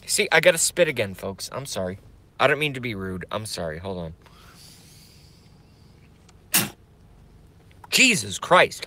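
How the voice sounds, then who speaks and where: A man's voice: fairly low pitch, big pitch swings, measured pace, long pauses, sharp tone. Angry man ranting on a live stream. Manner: angry, profane ranting with sudden outbursts and apologies. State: voice going hoarse from ranting and smoking.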